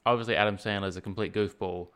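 Low-ish voiced guy, laid back, dry little comments on a movie. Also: fairly even intonation, fast talker, fairly bright tone, clean tone. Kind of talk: casual film review chat.

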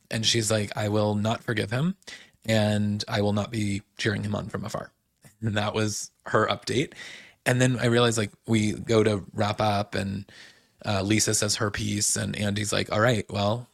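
A man's voice: lowish voice, level tone, moderate pace, creaky, no room sound, studio quality. A young man hosting a casual recap, chatty and opinionated, acting out quotes with lots of "like". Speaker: podcast host recapping a reality show.

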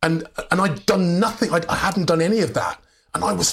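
A man's voice: high voice, a little fast, vocal fry, a little hiss or hum. An English actor, a man, telling anecdotes as a guest in a candid interview, restarting sentences and laughing often. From England. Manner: animated storyteller, many restarts and laughs.

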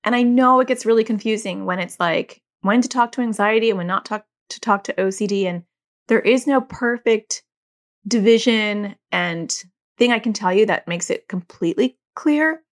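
A middle-aged woman hosts her own podcast in a relaxed, chatty way. She talks candidly and often slips into quick acted-out exchanges with her children, her voice sitting at an ordinary middle pitch. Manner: chatty, candid, acts out quoted dialogue with family. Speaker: podcast host and anxiety educator. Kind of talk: casual solo podcast talk.

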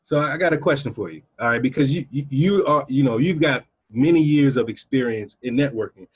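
A man's voice: mid-range voice, brisk, slightly rough, no room sound. A man hosting a casual interview, eagerly agreeing and asking loosely worded questions. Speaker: host.

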